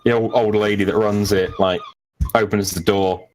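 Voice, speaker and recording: A man's voice: on the low side, flat delivery, moderate pace, darkish tone. A man narrating as game master of a tabletop game, laid-back and sweary.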